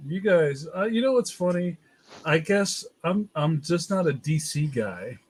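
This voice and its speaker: A man's voice: fairly high pitch, expressive, measured pace, slightly rough. A man chatting easily as a guest, laughing along often. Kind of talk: casual chat.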